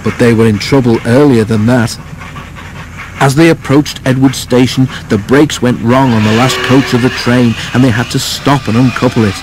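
A man narrating a children's storybook in a steady, even read-aloud manner. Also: medium pitch, moderate pace, noisy background.

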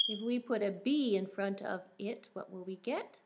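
A woman teacher reading a picture book aloud to young children, stretching and stressing single words in a sing-song way and asking them gentle questions. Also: medium pitch, normal speed, hardly any pauses, a little hiss or hum.

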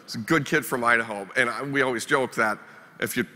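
A Minnesota man gives a storytelling keynote in a reverberant conference hall, using wry, self-deprecating humor. His mid-range voice is bright and forceful, and he speaks a little fast.

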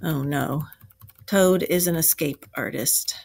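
Expressive woman reading aloud to children. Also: low-pitched, slow pace, vocal fry. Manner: expressive, asks children questions. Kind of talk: classroom read-aloud.

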